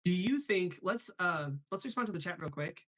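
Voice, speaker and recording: A man's voice: sits high, animated, bright, forceful tone. A man hosting a live show, chatting casually about voice impressions and reading questions from the chat. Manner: chatty, quick asides, reads chat aloud.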